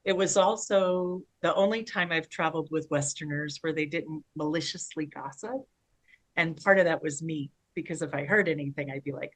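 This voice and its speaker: A woman co-hosting a podcast, telling long rambling stories in casual conversation with animated asides. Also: low voice, moderate pace, low-quality recording. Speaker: podcast co-host.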